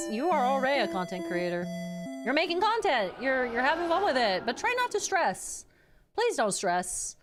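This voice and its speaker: A woman streaming a game live, playful and laughing often, yelping at the screen and chatting with viewers. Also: sits high. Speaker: VTuber streamer. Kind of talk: live gameplay commentary with chat. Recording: background game music.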